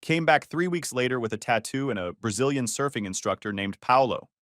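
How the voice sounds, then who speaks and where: A man's voice: medium pitch, lively intonation, fairly quick, fairly bright tone, no echo, studio quality, lightly acted. A man playing a wisecracking cynical buddy. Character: brash, cynical male best friend.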